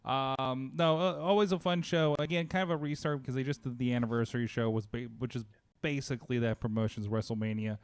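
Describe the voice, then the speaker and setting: A man's voice: medium pitch, fairly quick, clear, resonant tone. A man hosting a casual wrestling talk show, chatty, with lots of fillers and restarts. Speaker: podcast host. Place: home studio. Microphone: close studio mic.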